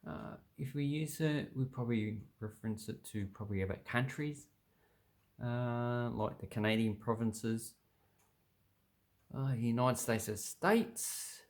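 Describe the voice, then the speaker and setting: An Australian man casually explaining words from a dictionary, thinking aloud with many pauses and restarts. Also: mid-range voice. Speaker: language vlogger.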